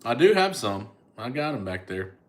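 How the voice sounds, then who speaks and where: A man's voice: medium pitch, big pitch swings, normal speed. A middle-aged man, a comedian chatting casually on a livestream and answering viewers' comments. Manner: laid-back, chatty, thanks viewers by name.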